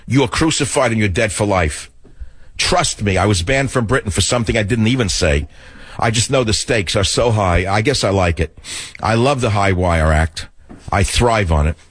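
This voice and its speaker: Older New man, low voice, rambling sarcastic radio monologue. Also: husky, dry recording. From the Bronx, New York. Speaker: talk radio host.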